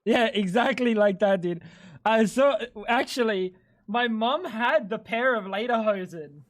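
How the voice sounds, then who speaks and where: A man's voice: sits high, a little slow, no echo, clean studio sound. A man, chatting crudely and rambling as he jokes with his livestream chat. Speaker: streamer. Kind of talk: casual gaming livestream chat.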